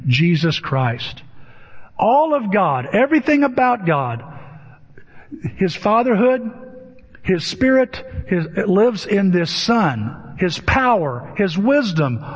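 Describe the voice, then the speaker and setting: Male pastor, sermon, husky high voice, long church reverb, muffled lo-fi sound. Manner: emphatic preaching with rhetorical questions. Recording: dull lo-fi with long hall reverb.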